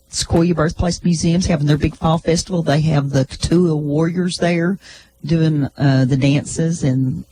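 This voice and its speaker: A man's voice: a little high, darkish tone, a little hiss or hum, low-quality recording. A man co-hosting a local radio show and chatting casually through community announcements. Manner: folksy, easygoing community announcements.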